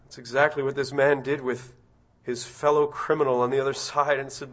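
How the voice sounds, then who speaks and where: A man preaching a sermon, asking his congregation direct questions and swelling into loud, impassioned passages. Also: flat delivery, a little fast. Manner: rising to loud, high-pitched impassioned preaching.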